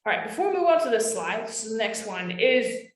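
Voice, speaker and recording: A woman's voice: a little high, big pitch swings, brisk. A young adult woman presenting a live webinar in a casual, emphatic way, often calling her listeners guys. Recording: roomy echo.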